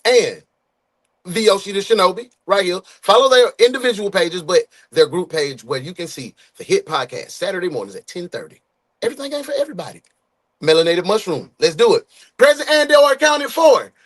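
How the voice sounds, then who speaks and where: Lively high-voiced man hosting a stream. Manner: animated, shouting out viewers by name; loose slangy street talk, quick and playful. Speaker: livestream host greeting viewers. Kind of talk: casual livestream chat.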